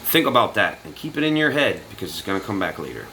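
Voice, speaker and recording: A vlogger tells his viewers a story casually, swearing freely and acting out what people said in an animated way. His voice is low-pitched and quick. The recording is low quality, with a little hiss or hum.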